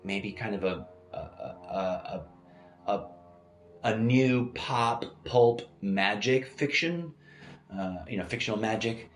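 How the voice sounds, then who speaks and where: A man with a fairly low voice speaks slowly over soft background music, hosting a solo podcast from a home room set up as a studio. He thinks aloud in a rambling, hesitant monologue full of fillers and restarts, and the room sounds echoey.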